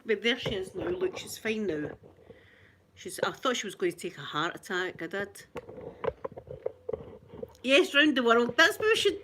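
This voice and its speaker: A woman's voice: fairly high pitch, a little hiss or hum. An older Scottish woman, a grandmother, chatting casually on a livestream and greeting viewers by name. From Scotland. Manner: chatty, warm greetings to viewers, frequent laughter. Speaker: livestream host. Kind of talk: casual live chat with viewers.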